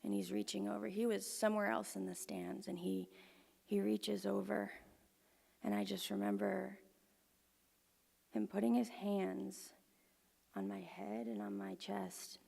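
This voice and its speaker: A young woman telling a personal story live on stage to an audience, earnest and often dropping to a hushed near-whisper. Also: medium pitch, flat delivery, unhurried, vocal fry, long pauses. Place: performance venue with audience. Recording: long hall reverb.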